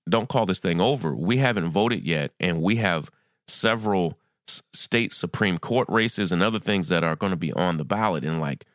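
A deep-voiced man with a gravelly edge gives solo podcast commentary. He speaks earnestly and stresses his points by repeating them. The recording is close and dry, with no room sound. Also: a bit bright, no echo. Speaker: podcast host.

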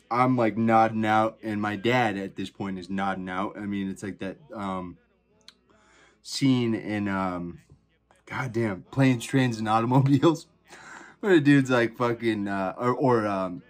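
Rambling, profane storytelling man. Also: fairly low pitch. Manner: rambling, profane, many fillers. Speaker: podcast host. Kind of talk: casual storytelling.

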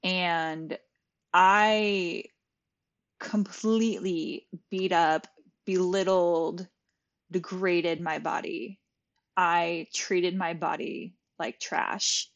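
A woman's voice: lowish voice, steady tone, extremely slow, lo-fi sound. A young adult woman and yoga teacher, talking as a podcast guest, telling her story candidly with lots of "like". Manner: candid, frequent "like", acts out her own past thoughts. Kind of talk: conversational storytelling.

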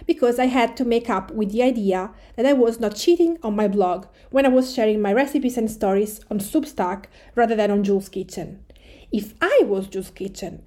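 A Tuscan-born woman with an Italian accent, a native Italian speaker, hosting her podcast and talking to listeners in a calm, conversational, measured way. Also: a little high. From Tuscany, Italy. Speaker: podcast host and food writer. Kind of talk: personal podcast address.

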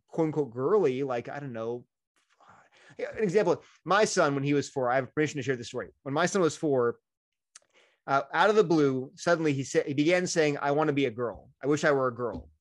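A middle-aged man with a voice sitting somewhat above the usual male range talks through his answer in a lively, conversational way. He often slips into brief acted-out quotes of other people. The tone stays that of an engaged interview guest. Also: on the high side, fairly quick. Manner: animated, acts out quoted voices. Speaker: guest speaker.

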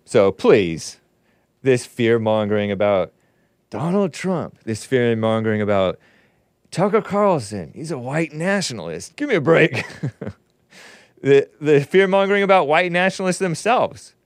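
A man's voice: mid-range voice, big pitch swings, unhurried, dry recording, clean studio sound. A man hosting his own commentary show, reading news aloud and scoffing at it with sarcastic asides. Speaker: host. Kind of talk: opinionated commentary show monologue.

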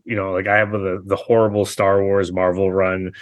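A man's voice: low voice, little pitch movement, normal speed, no echo. A man in his forties, a guest comic artist from Canada, chatting in an easygoing, rambling way with lots of fillers. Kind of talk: casual podcast chat.

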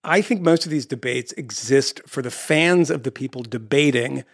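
A man hosting a casual interview, talking in an animated, emphatic way with quick asides. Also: mid-range voice, no room sound, clean studio sound.

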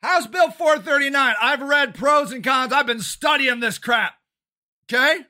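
An older man who is running for city council delivers an angry, profane monologue, often shouting. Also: very high voice, unhurried. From Ohio, United States. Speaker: city council candidate and activist.

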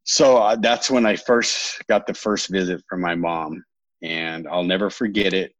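A man's voice: low voice, steady tone, measured pace, dry recording. A man in his thirties from California, a podcast guest telling his own story in a candid, rambling way, often correcting himself with a wry humor.

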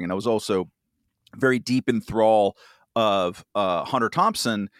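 A man's voice: fairly low pitch, normal speed, dry recording, clean studio sound. A man in his fifties, a podcast guest, chatting casually in a rambling way with lots of fillers and self-deprecating asides. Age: 50s. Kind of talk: casual chat.

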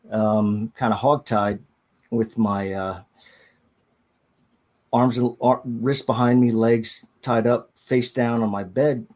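A man with a husky, slightly breathy voice of ordinary pitch tells his story as a podcast guest. He talks haltingly and restarts his sentences often as he works through the details. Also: darkish tone. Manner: halting, hesitant recounting with frequent restarts. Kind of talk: personal storytelling in an interview.

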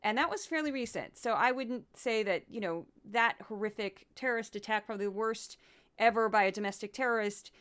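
A woman hosts a podcast, talking in a chatty, sarcastic way. Her voice is bright and crisp, a little high for a woman. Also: a little fast. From southern United States. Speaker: podcast host. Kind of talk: casual commentary.

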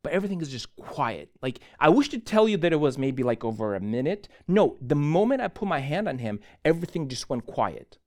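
A man preaching a sermon as a pastor, telling a story in an animated way and often correcting himself mid-sentence. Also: on the high side, brisk, hardly any pauses. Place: church.

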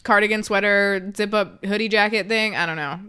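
A woman's voice: medium pitch, fairly quick, pushed and bright, clear, resonant tone. A woman co-hosting a podcast in casual chat, playful and giggly as she talks through an episode. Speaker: podcast co-host.

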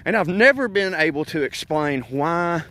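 A man's voice: on the high side, normal speed. Rambling Southern man ranting on a walk. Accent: Southern US (Georgia). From North Georgia, US. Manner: rambling, joking, animated, laughs often. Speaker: comedian podcast host. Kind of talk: casual walking rant. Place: outdoors, walking on an overcast windy day.

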